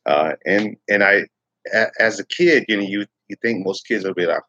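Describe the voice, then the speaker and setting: A man's voice: fairly low pitch, moderate pace, sharp tone, muffled recording, slight background noise. A middle-aged man from Texas hosting a casual morning livestream, rambling with many fillers and restarts. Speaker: livestream host.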